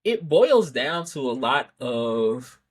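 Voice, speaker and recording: A man with a husky, mid-range voice hosts a sports podcast, speaking slowly in a sing-song way. His opinion monologue is casual and rambling, full of self-corrections and rhetorical "right?" asides.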